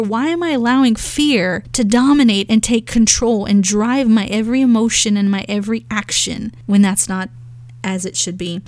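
A woman preaching a devotional sermon, earnest, reading scripture aloud and slowing for emphasis. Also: medium pitch, darkish tone, no room sound.

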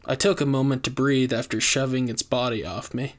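A man narrating a horror story in a measured, deliberate way, slowing down at tense moments. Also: medium pitch, fairly even intonation.

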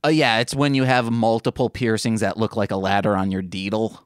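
A man co-hosting a podcast in casual chat, quick and joking, swearing and mimicking lines in funny voices. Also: lowish voice, level tone, no echo, studio quality. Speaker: podcast co-host.

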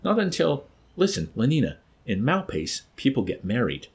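A man's voice: medium pitch, huge pitch swings, moderate pace, slightly rough, pitched above the performer's own voice, full character voice. Man doing a rambling, lovestruck young man. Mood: pleading. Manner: incoherent, pleading, poetic rambling.

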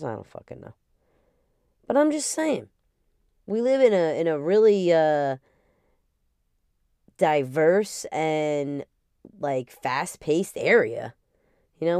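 A woman's voice: sits low, a little mellow, clear, resonant tone, no echo, clean studio sound. A woman from New Jersey with a New Jersey accent, hosting a casual solo podcast in a brash, profane and playful way. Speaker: podcast host.

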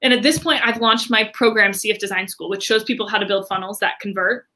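A woman entrepreneur telling a story animatedly in an interview, chatty and expressive, saying "like" often. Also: medium pitch, fast. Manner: chatty, frequent filler "like", expressive. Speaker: entrepreneur and podcast guest.

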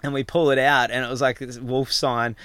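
A man of middle pitch tells a story casually and with energy. He laughs often and curses freely. The recording is dry and close. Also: fairly quick, no echo. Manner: animated, laughing, swears freely.

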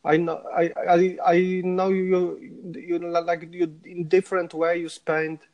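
Man, Polish accent, higher pitch, podcast guest, halting speech, repeated starts. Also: little pitch movement, dull audio. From Poland. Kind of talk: casual interview.

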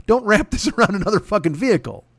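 Brief: male podcast host, fairly high voice, rambling profane storyteller, close dry mic. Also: animated, quick pace, fairly bright tone, dry recording. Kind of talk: comedic storytelling.

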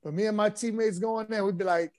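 A man being interviewed on a podcast as a former pro basketball player, telling stories in a relaxed way with plenty of fillers. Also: sits high, fast talker. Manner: relaxed storyteller, easygoing with frequent fillers.

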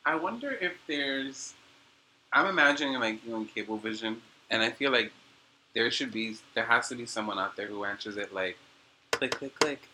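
A man with a New York accent, co-hosting a podcast in casual chat. He talks in an animated, bubbly way and laughs often. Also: medium pitch, normal speed, a little hiss or hum, rough recording. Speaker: podcast co-host.

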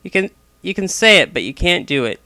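A man doing a gruff stubborn father in his sixties. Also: high voice, big pitch swings, brisk, pushed and bright, no echo, exaggerated voice. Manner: blunt, scolding, swearing.

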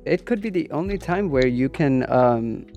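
A man's voice: medium pitch, expressive, normal speed, gravelly, warm tone, dull audio, faint music behind. A man co-hosting a live podcast stream, talking casually and rambling, with many restarts and fillers. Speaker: podcast co-host streaming on Twitch.

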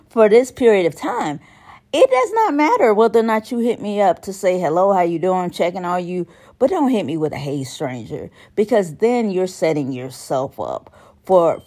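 A woman's voice: medium pitch, darkish tone. A woman in a casual monologue, talking bluntly and with exasperation, and mimicking how other people text.

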